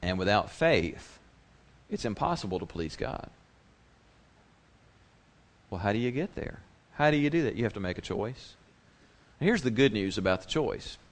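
A man's voice: on the low side, sing-song, normal speed, long pauses. A male pastor preaching a sermon in a conversational way, slipping into the voices of the people he quotes.

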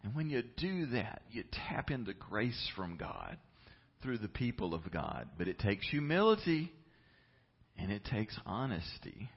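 A man's voice: big pitch swings, measured pace, gravelly, breathy edge. Fervent male pastor preaching, muffled recording. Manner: swings from low, quiet asides to loud, soaring emphasis; talks directly to the congregation with call-and-response. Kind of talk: sermon. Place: church sanctuary. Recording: muffled, lo-fi live church recording.

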